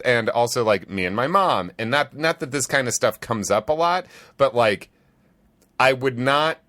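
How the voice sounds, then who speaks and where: A man's voice: mid-range voice, a bit bright, dry recording. A man co-hosting a podcast in casual chat, joking and laughing often. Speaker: podcast co-host.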